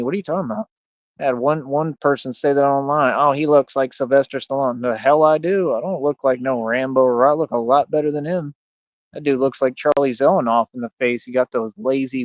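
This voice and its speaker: A man's voice: medium pitch, dry recording, muffled recording. A man, a streamer ranting in a boastful, taunting way and often asking "right?". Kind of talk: ranting monologue.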